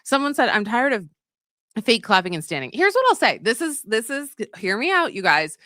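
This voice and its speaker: Animated, bright woman co-host. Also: fairly high pitch, normal speed, no room sound, clean studio sound. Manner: enthusiastic, gushing, animated asides. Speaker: co-host of a live watch party. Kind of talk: casual chat.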